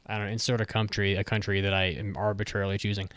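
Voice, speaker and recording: Blunt, profane man ranting in a dry, clear voice. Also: fairly low pitch, steady tone, racing, few pauses, fairly bright tone, dry recording. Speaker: podcast co-host. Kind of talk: casual review chat.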